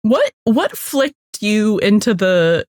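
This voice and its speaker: Wry young woman with a lively voice. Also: mid-range voice, takes it slowly, dry recording, studio quality. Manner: wry, reads out chat messages, laughs often. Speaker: podcast co-host. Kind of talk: casual chat.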